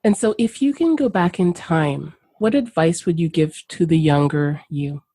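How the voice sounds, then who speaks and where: A woman's voice: low voice, normal speed, warm tone, husky. A woman hosting a podcast interview who reflects back and affirms her guest in a casual, conversational way. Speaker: podcast host.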